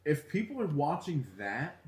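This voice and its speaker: A man's voice: a little high, very animated, moderate pace, darkish tone. A young man co-hosting a podcast in casual chat, laid-back and chatty, with lots of "like" fillers. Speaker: podcast co-host. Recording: roomy echo.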